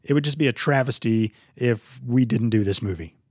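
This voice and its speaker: A man's voice: medium pitch, normal speed, darkish tone, no echo, clean studio sound. A man hosting a casual movie podcast, joking and swearing as he runs the segments. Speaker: podcast host.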